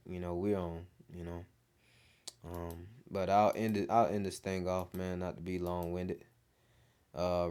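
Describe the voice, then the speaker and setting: Low-voiced man preaching casually. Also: a little mellow, clear, resonant tone. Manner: casual, peppered with "man" and "you know". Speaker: street preacher. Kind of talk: informal preaching.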